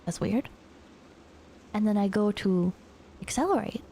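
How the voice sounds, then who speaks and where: A woman streamer telling a story in a rambling, animated way with casual swearing. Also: mid-range voice, measured pace, slight background noise.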